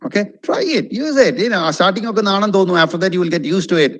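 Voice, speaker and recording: A man's voice: fairly high pitch, big pitch swings, very fast, hardly any pauses, a bit bright, rough recording. A man with a Malayali accent teaching English pronunciation in a webinar, switching between English and Malayalam and emphatically repeating each word. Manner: emphatic, repeats words over and over to drill them. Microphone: video call.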